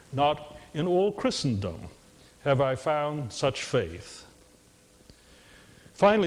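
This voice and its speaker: A man delivers a sermon from the pulpit, his voice a touch higher than most. He speaks in a measured, earnest way and now and then slips in a line of dry humor. The sound rings with the long reverb of a church sanctuary. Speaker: pastor.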